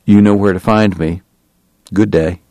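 A man putting on a wordy Southern gentleman dentist, slow drawl, low voice, dry close sound, courtly and prickly. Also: steady tone, dry recording. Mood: courteous. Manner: verbose, precise and courtly, prickly about his honor. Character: formal, long-winded Southern gentleman dentist and gambler.

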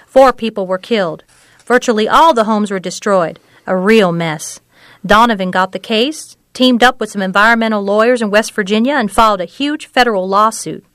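An actress voicing an earnest, measured woman who tells of a family's troubles. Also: medium pitch, fairly bright tone, no room sound, studio quality, lightly acted. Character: woman, an older local who runs a clinic.

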